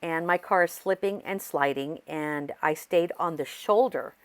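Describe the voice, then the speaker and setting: A woman vlogger chatting casually and excitedly, rambling through a story with restarts while she crafts. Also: sits low, measured pace. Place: home craft desk.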